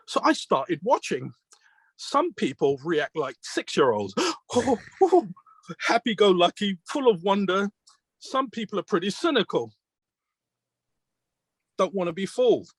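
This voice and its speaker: A man's voice: high-pitched, sing-song, a little slow, long pauses, breathy edge, no room sound. A British magician being interviewed, telling stories in an earnest, reflective way and replaying his mentors' advice as quoted dialogue. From Britain. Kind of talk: conversational storytelling.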